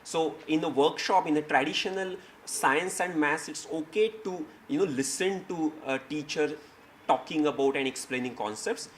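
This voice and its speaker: A man's voice: on the high side, normal speed, slight background noise. Man giving a seminar talk. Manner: explanatory, with frequent restarts and fillers. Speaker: speaker presenting his company. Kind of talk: seminar presentation. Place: seminar hall.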